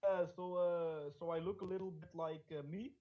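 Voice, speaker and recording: A man's voice: high voice, steady tone, normal speed, narrow, tinny audio. Laid-back player man over crowd noise. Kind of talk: casual tabletop play.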